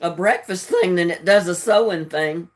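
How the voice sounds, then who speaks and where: A woman's voice: lowish voice, moderate pace. A woman hosting a live trivia stream in a casual, chatty way, often breaking into giggles and talking straight to her viewers. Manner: chatty, addressing viewers directly. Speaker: livestream trivia host.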